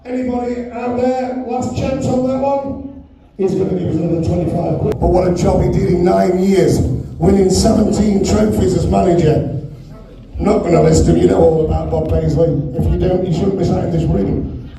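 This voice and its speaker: A British man running a live auction at a fan evening, pushing loudly for bids and joking with the crowd. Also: steady tone, moderate pace. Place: large echoey function hall with an audience. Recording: booming hall echo, voice from far away.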